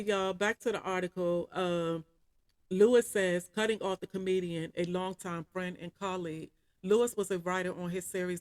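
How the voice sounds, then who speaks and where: A woman with a lowish voice reads a news article aloud on camera, recorded with studio quality and no echo. She keeps breaking off to chat with her viewers, calling them y'all, in casual reaction commentary.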